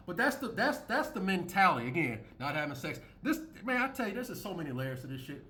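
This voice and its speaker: A man giving casual reaction commentary on a video, blunt and repetitive, often jumping into high mocking tones. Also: big pitch swings, fast talker, hardly any pauses, pushed and bright. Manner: blunt, repeats phrases, swings into high mocking voices.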